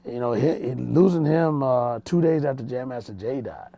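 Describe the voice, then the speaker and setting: A man with a mellow, mid-range voice and some vocal fry speaks at a moderate pace, with no room sound. He's a music producer and mix engineer telling stories in a casual small-studio interview, rambling loosely with street slang and restarts.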